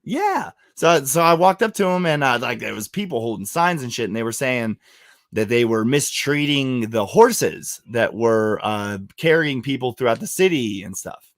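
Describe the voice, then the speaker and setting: Brief: male podcast host from West Virginia, mid pitch, lively storyteller, curses freely, dry close mic. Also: moderate pace, dry recording. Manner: animated storyteller, swears freely, laughs often. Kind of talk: casual podcast chat.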